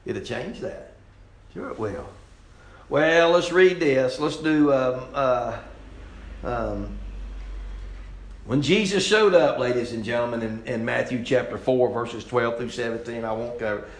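A man preaching with real fire, his voice climbing into shouts and then dropping to near murmurs. He sits at an ordinary middle pitch. The sound carries the roomy echo of a church sanctuary. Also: a little slow, pauses often. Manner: impassioned, swings from loud outbursts to low asides. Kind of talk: fiery sermon.

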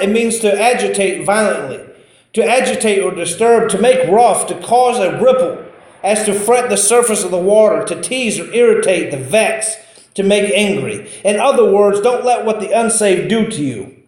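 A man's voice: high-pitched, animated, moderate pace, darkish tone. A man preaching an informal sermon, conversational and storytelling, often repeating himself. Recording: very echoey room.

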